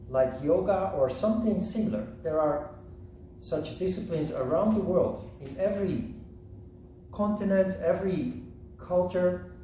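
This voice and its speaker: A man teaching a yoga lesson in a slow, measured, reflective way. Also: high voice, dark tone, slight background noise. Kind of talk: lecture. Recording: roomy echo from a distant mic.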